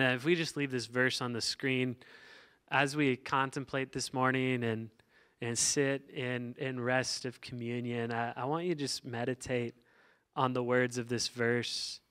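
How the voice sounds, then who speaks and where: A man preaching in a relaxed, conversational way, his voice smooth and resonant. He keeps an even, level pitch and fills pauses with ums and restarts. On reflective passages he slows down and softens. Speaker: pastor. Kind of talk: sermon.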